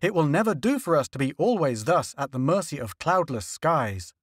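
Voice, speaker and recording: A man's voice: fairly high pitch, sing-song, moderate pace, breathy edge, no echo, studio quality. A man voicing an imperious, wealthy male newspaper magnate who fires off demanding, impatient questions. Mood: brisk, demanding.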